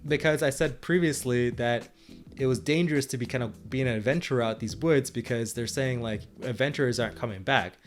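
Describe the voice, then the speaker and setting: A man co-hosting a podcast and retelling his tabletop game sessions as game master, rambling with frequent restarts and laughs. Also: mid-range voice. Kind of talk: casual chat.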